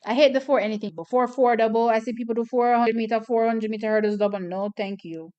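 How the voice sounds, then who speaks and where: Opinionated woman, smooth voice. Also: fairly high pitch, fairly even intonation, fast, a little mellow, dull audio. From Jamaica. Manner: opinionated, chatty, repeats her points. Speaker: watch party host. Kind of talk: casual live track commentary.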